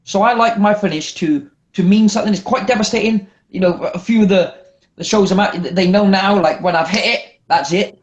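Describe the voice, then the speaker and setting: A man's voice: high voice, a little fast, muffled recording. A man in casual podcast chat, telling stories animatedly, swearing freely. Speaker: wrestler guest.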